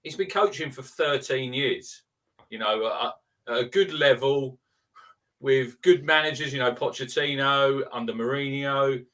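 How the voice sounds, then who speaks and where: A man co-hosting a live fan show, his bright, forceful voice sounding a little away from the microphone. He talks steadily and sincerely, stumbling over repeated words as he builds his points. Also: mid-range voice, far from the mic. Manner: measured, earnest, with restarts. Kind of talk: casual live fan chat.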